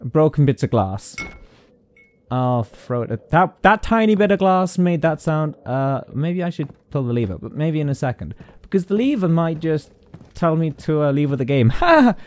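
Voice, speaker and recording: A man's voice: a little high, animated, moderate pace, darkish tone. A British man commentating a horror game, jittery and jokey, chatting to objects as he goes. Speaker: gaming YouTuber. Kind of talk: horror let's-play commentary.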